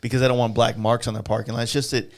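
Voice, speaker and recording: A man's voice: medium pitch, level tone, rapid-fire. A man co-hosting a motorcycle event, chatting casually on a podcast in a loose, rambling way. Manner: loose, rambling, laughs often.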